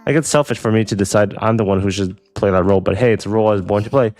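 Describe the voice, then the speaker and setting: A man reading the lines of a troubled teenage girl from a visual novel, quiet and apologetic, over faint music. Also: lowish voice, rapid-fire, no room sound, close to an everyday voice. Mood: resigned. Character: troubled teen girl, self-deprecating prankster.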